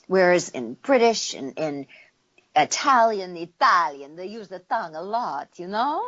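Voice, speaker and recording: Lower-pitched woman explaining dialects. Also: sing-song, moderate pace, fairly bright tone. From United States. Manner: explanatory, demonstrates sounds with her voice. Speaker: voice actor and dialect coach, guest. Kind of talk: casual interview explanation. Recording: slightly muffled interview audio.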